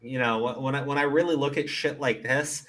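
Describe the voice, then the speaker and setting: A man's voice: mid-range voice, brisk. A man hosting a casual commentary show, ranting with lots of swearing, stammered restarts and frequent laughter. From Middle East. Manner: profane, animated, laughs often, stammers on restarts. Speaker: commentary host.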